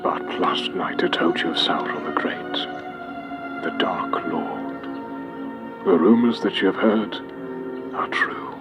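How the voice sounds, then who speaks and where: A man voicing a grave, wise old male wizard in a deep, solemn voice, speaking slowly and dropping to a hush, in an audiobook. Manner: slow, measured, dropping to a hush. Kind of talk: audiobook character reading. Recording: loud music bed behind voice.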